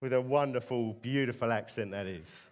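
A man's voice: medium pitch, normal speed. A middle-aged man from England preaching a sermon in a conversational way, often asking the congregation rhetorical tag questions.

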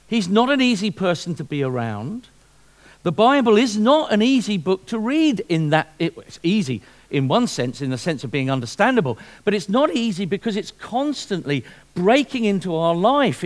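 A man preaching with a high, lively voice that swoops up and down as he tells a story. He slips into voices for the people in his tale, then presses his point with urgency. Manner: storytelling, animated, puts on voices for shop owner. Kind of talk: sermon with a told joke.

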